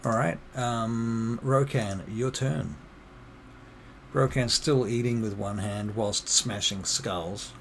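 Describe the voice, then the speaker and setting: A man narrating a tabletop game as game master, relaxed and full of fillers. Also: mid-range voice, slow, gravelly, slight background noise.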